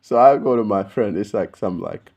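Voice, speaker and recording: Australian male host, low and mellow, slangy, profane, rambling storyteller. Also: moderate pace. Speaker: video host. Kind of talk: casual storytelling to camera.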